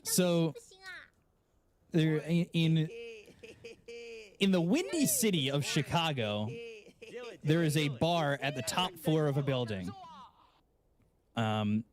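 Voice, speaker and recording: A man's voice: fairly high pitch, big pitch swings, slow pace, pauses often. A man casting a game stream, chatting casually and telling long jokes. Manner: playful, tells long jokes with acted quotes. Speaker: esports caster. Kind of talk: casual on-air banter.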